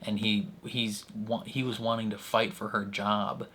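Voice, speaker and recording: A man with a somewhat low voice rambles through a casual reaction commentary, leaning on filler words. A faint hiss sits under his voice. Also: little pitch movement, unhurried, sharp tone. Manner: chatty, rambling, frequent filler words and laughter. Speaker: reaction channel host.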